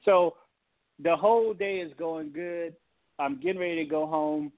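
A man, a pastor, telling a personal story on a call-in talk show in an animated, folksy way. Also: on the high side, moderate pace, no echo. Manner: animated, folksy storytelling with Southern turns of phrase. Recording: tinny phone-line audio, dry.

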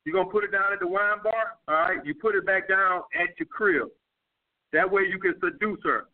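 Blunt profane dating coach with a New York accent. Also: male voice, sits high, normal speed. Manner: blunt, profane, repeats himself. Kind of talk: call-in advice show. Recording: phone-line call-in audio.

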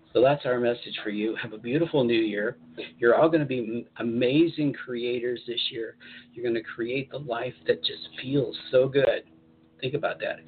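A man's voice: medium pitch, slight background noise. Man giving spiritual advice over tinny audio. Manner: encouraging, repetitive, reads articles aloud with asides. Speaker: host channeling spirit guides. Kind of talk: casual spiritual advice talk show.

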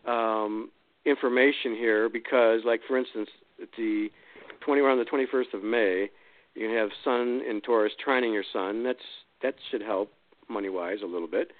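A man's voice: fairly low pitch, moderate pace, dry recording. Man explaining astrology over a tinny line. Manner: relaxed, explanatory, with fillers. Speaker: guest astrologer. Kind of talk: call-in radio astrology reading. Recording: dry, tinny phone line.

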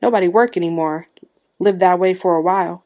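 A woman's voice: fairly low pitch, fairly quick, dark tone, dull audio, natural voice. Woman voicing a grumbling old village man. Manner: petulant, scornful.

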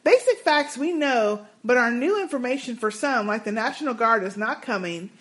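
A woman co-hosting a casual podcast, reading listener emails with sassy, animated asides. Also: on the high side, moderate pace. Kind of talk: casual chat.

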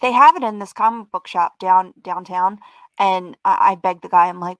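A woman's voice: medium pitch, moderate pace, a bit bright, no echo, poor audio. A woman in her thirties co-hosting a podcast from home, chatting in a laid-back way and laughing often. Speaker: co-host. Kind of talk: casual podcast chat.

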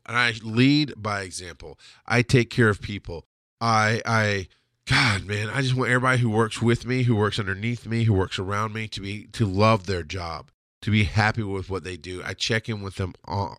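A man's voice: fairly low pitch, brisk, a bit bright, dry recording, clean studio sound. A man hosting a podcast, delivering a blunt, heated, profane solo rant. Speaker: podcast host. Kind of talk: ranting solo monologue.

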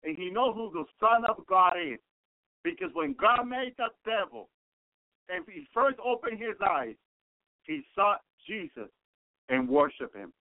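Fervent male radio preacher, high voice, dry close sound, repetitive praise. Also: sing-song, a little slow, vocal fry, no room sound. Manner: repeats phrases, fervent exclamations of praise. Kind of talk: sermon. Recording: tinny phone-like radio broadcast.

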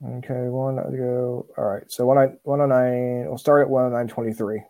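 A man's voice: medium pitch, level tone, moderate pace, mellow, dry recording. A man co-hosting a paranormal show, chatting casually and thinking aloud. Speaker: podcast co-host. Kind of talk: casual chat.

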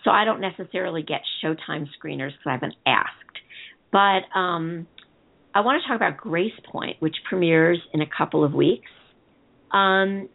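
A woman co-hosting a TV discussion show, chatting casually and rambling as she reads listener comments aloud. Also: medium pitch. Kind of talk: casual chat. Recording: tinny phone-line sound.

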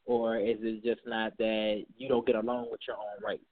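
A man's voice: lowish voice, level tone, moderate pace. A man hosting a casual talk show, asking questions and rambling while he searches for words. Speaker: host. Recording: phone-like narrow sound.

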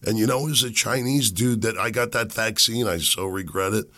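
A man hosting a podcast while sick and losing his voice. He rambles and makes sarcastic, muttered asides into a desk boom mic. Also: a little fast, bright, forceful tone. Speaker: podcast host. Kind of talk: casual commentary monologue. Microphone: boom microphone on a desk.

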